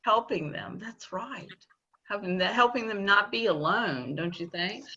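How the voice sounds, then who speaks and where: A woman teaching a children's Bible lesson on a video call, gently coaxing the kids and repeating her questions. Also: mid-range voice, a little slow. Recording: dull lo-fi video call audio.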